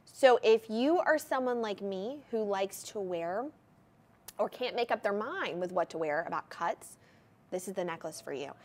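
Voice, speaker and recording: Tv shopping host lady, super excited gushy sales talk, normal mid voice. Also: mid-range voice. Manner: enthusiastic, gushing sales patter. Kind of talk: live TV shopping presentation.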